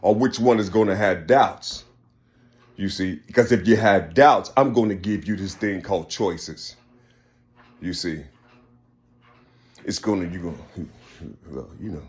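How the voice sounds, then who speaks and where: Low voiced guy rambling thru a spiritual talk real slow, keeps repeating himself. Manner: rambling, repeats "you see" constantly. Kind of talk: spiritual numerology monologue.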